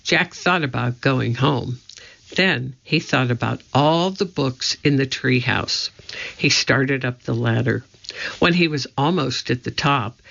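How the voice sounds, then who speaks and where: A man reading a children's book aloud in a slow, measured storytelling manner. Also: mid-range voice, gravelly, sharp tone, highs cut off. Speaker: narrator.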